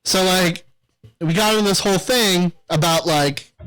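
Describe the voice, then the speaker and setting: A man's voice: high-pitched, normal speed, fairly bright tone, clean tone, rough recording. A young adult man co-hosting a casual podcast, rambling and profane, often breaking into laughter. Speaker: podcast co-host.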